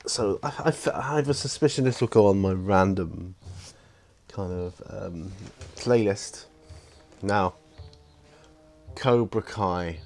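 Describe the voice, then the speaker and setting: Enthusiastic man in his fifties, low voice. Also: slow pace, long pauses, darkish tone, faint music behind. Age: 50s. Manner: enthusiastic and rambling, with many fillers. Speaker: hobby vlogger. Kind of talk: casual unboxing vlog.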